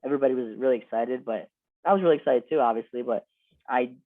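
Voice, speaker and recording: A man's voice: medium pitch, fast, no echo. A man in his twenties, a former college wrestler, telling stories in a casual, loose way, repeating words and filling with "like" and "you know.". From Lehigh Valley, Pennsylvania. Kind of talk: casual interview storytelling. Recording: dry, tinny phone-like audio.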